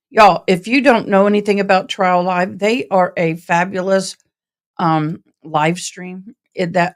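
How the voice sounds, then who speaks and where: A woman hosting a casual live stream about a trial, chatting with viewers in a rambling, passionate, direct way. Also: on the low side. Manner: self-described passionate and direct.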